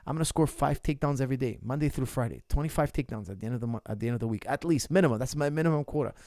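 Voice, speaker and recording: A man's voice: medium pitch, very fast, warm tone, no room sound, clean studio sound. A man in his forties, a martial arts coach answering viewer questions in a casual livestream, blunt and emphatic, repeating his key points. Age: 40s.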